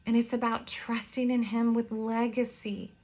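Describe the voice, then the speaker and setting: A woman pastor preaching a heartfelt, earnest sermon, with pauses and some hesitations. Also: a little high, flat delivery, a little mellow.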